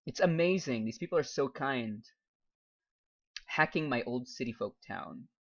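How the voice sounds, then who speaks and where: This young man from the United States teaches English and streams games; here he chats casually mid-game, reading viewer comments aloud between frequent laughs. He talks in a mid-range voice with lively intonation and an unhurried pace, and the stream audio is dull and lo-fi.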